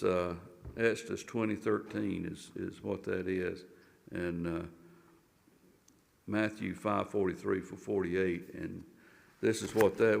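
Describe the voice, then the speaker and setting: Gravelly man teaching Sunday school. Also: fairly low pitch, big-room sound. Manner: halting, many fillers and restarts. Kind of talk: Bible lesson, reading scripture. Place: church.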